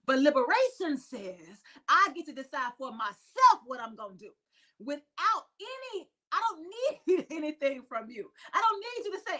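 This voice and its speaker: A reverend from the United States hosting a spiritual talk show, speaking emphatically in repeated lists and laughing often. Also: female voice, very high voice, sing-song, normal speed, bright, forceful tone. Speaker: reverend and podcast host.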